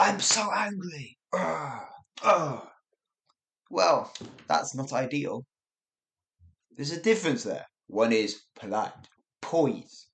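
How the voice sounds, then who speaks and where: Lively man teaching English. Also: mid-range voice. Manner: lively, demonstrates tones with acted examples, chuckles often. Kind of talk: podcast language lesson.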